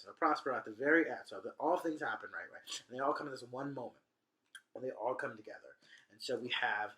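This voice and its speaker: A man's voice: medium pitch, sharp tone. A man casually retelling a play for laughs, rambling and chatty with slangy asides. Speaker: host.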